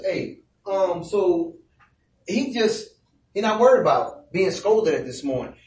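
A man preaching a sermon, retelling a scripture story with lively, playful asides and acted lines. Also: high voice, moderate pace, a little hiss or hum. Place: church. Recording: echoey room, voice from a distance.

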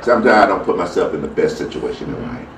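Deep-voiced and quick, the man recounts a story in a casual faith talk, acting out quoted voices with animation. It sounds as though the mic was distant in a roomy space, and there's faint noise in the background.

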